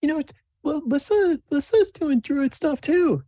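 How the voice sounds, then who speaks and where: A man voicing an excitable, gushing young female druid in a tabletop game. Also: unhurried, no room sound. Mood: bubbly, eager. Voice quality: squeaky and gushing. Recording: dull lo-fi dry recording.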